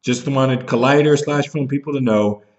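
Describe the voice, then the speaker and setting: Angry man ranting into a webcam, bitter and profane, mid-pitched, slightly dull lo-fi audio. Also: normal speed. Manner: bitter, profane, jumps into mocking voices when he is upset. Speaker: vlogger. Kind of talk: angry rant to camera.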